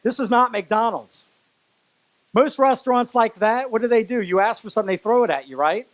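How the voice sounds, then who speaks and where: A man with a notably high voice delivers a motivational keynote to a live audience. He tells stories, speaks directly to the crowd and drives points home by repeating phrases. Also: animated, quick pace, low-quality recording. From Louisiana, US. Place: stage before a live audience.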